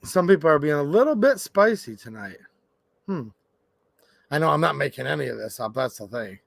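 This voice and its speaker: A man hosting a casual live stream, chatting and reading viewer comments aloud in an animated way. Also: a little high, fairly quick, gravelly, no room sound, studio quality. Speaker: livestream host. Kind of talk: casual livestream chat.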